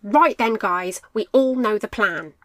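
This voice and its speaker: A woman's voice: mid-range voice, measured pace, no room sound, lightly acted, poor audio. A woman voicing a bossy young boy mouse who leads his friends with firm commands in a storybook. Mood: commanding.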